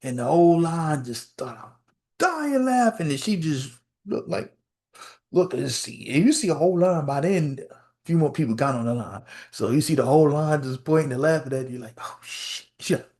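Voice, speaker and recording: A male podcast host telling a story in a casual, animated rant, repeating phrases and acting out quotes. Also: on the high side, moderate pace. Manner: animated storytelling with lots of repetition and acted-out quotes.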